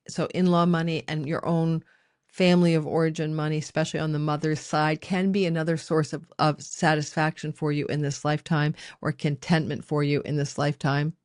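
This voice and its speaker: A woman's voice: low-pitched, darkish tone, no echo, studio quality. Conversational woman teaching astrology. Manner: conversational, addresses viewers directly with asides. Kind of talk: spoken astrology lesson.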